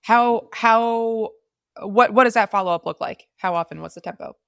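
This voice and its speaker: Casual curious woman co-host, mid pitch, dry mic. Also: moderate pace, creaky, fairly bright tone, smooth, no room sound. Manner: curious, asks follow-up questions. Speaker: podcast co-host. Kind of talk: casual podcast interview.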